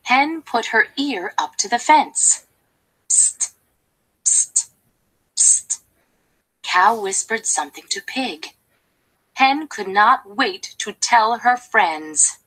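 A woman reading a children's storybook aloud, slowly and expressively. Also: a little high, animated, pushed and bright, slightly rough, low-quality recording.

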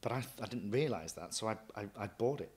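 A man, a chef and restaurant owner, telling stories from his career in a lively way, often acting out what he thought and said. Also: lowish voice, fast talker. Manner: lively anecdotal, quotes himself often. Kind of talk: casual interview storytelling.

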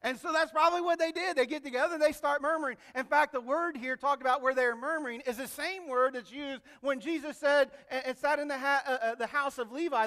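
A male pastor with a high, bright voice delivers a sermon in church. He talks animatedly and slips into little voices to act out what people say. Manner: animated, acts out quoted voices.

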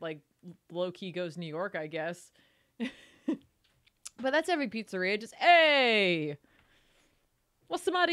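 With a medium-pitched, slightly bright voice, a young New Jersey woman chats casually on a live stream while playing a cooking game. Giggly and chatty, she reads tutorial text out loud and thanks her viewers.

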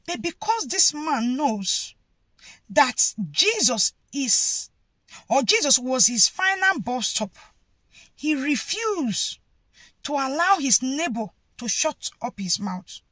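Woman preacher, high bright voice, lively swooping pitch, slow deliberate delivery, dry close sound. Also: no echo. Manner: impassioned, rising to shouted pleas. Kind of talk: sermon.

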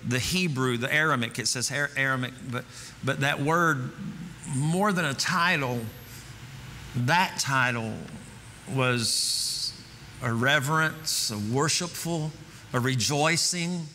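Man, pastor, sermon, earnest, repeated phrases, bright forceful voice, faint room hum. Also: mid-range voice, takes it slowly. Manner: earnest, building to fervent emphasis with repeated phrases. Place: church sanctuary. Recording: reverberant church hall, faint ambience.

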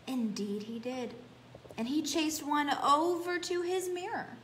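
A woman teacher reading a children's picture book aloud with animated, expressive storytelling. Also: high voice, slow pace. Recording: echoey room, faint background hum.

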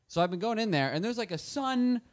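A young man co-hosting a casual comedy podcast and telling his stories in a rambling way, full of fillers and false starts. His voice sits a little high and swings widely in pitch. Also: expressive, fairly quick, no echo, clean studio sound. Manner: rambling storytelling with many fillers and restarts. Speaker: podcast co-host.

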